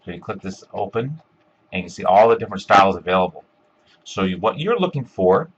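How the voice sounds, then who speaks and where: A man giving a step-by-step screencast software tutorial, talking casually with lots of ums and uhs. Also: deep voice, expressive, brisk, husky, muffled recording. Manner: step-by-step, filler-heavy with frequent ums and uhs. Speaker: instructor.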